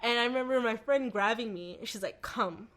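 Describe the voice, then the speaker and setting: A woman telling her personal faith testimony as a podcast guest, animated, acting out quoted voices, with lots of "like" and "you know.". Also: fairly high pitch, fast. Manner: frequent "like" and "you know" fillers.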